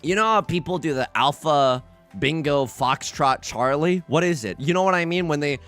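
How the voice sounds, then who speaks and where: A man's voice: on the high side, normal speed, faint music behind. A man livestreaming and chatting casually, telling rambling stories full of restarts, swearing and asides. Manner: rambling animated storytelling with many restarts and swearing.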